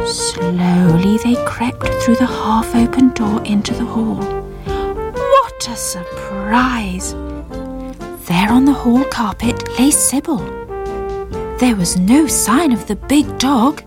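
A woman narrating a children's storybook in a gentle, expressive way. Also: on the high side, takes it slowly. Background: children's music.

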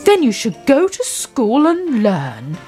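A stern but kindly farmer scolds and lectures, played by a woman reading a storybook. His voice rises and falls widely as he explains a lesson. He speaks slowly and deliberately. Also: extremely high pitch, wildly swooping pitch, mellow, soft background music, exaggerated voice. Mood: scolding.

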